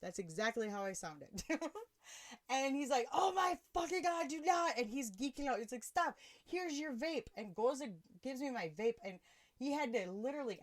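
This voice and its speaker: A woman hosting a podcast, telling a personal story in a casual, animated way and laughing often. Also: medium pitch. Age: adult with children. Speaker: podcast host.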